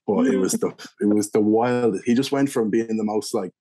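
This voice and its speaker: A young Irish man telling a pub story as an interview guest. His voice sits a bit low, and he rambles loosely, circling back with fillers and restarts. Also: moderate pace, warm tone. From Ireland. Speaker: guest, beer reviewer.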